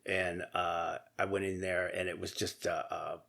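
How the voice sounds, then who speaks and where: A middle-aged man, a podcast guest, telling his own story candidly, profanely and haltingly, with many restarts. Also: low-pitched, little pitch movement, vocal fry, pushed and bright. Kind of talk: casual storytelling interview.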